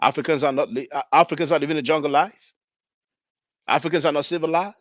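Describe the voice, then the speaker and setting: A man's voice: fairly high pitch, steady tone, fast, dry recording, highs cut off. A man giving chatty, mocking commentary on video clips, with many fillers.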